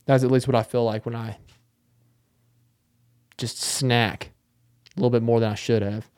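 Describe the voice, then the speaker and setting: A man's voice: medium pitch, level tone, normal speed, darkish tone, clean tone. A young man hosting a podcast, talking alone in a casual, rambling, self-mocking way. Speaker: podcast host. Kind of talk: casual solo monologue.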